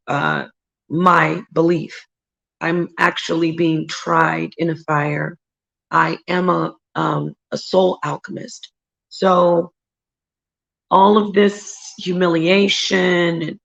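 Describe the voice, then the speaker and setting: Woman, livestream host, rambling and emphatic, husky slow delivery. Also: fairly low pitch, steady tone, fairly bright tone, poor audio. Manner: rambling, emphatic, greets viewers by name. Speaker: livestream host reading viewer chat. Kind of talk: casual livestream chat.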